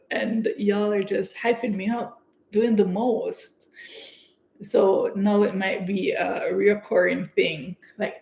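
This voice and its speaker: A young woman from Canada, chatting excitedly and giggling as she hosts her own livestream. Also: mid-range voice, gravelly. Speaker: livestream host. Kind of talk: casual livestream chat. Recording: echoey room.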